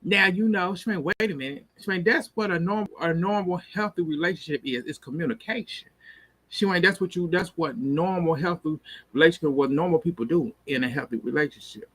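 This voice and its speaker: A man casually recapping a TV episode, animated and laughing often as he retells the scenes. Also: fairly high pitch, a little fast. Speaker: TV episode reviewer.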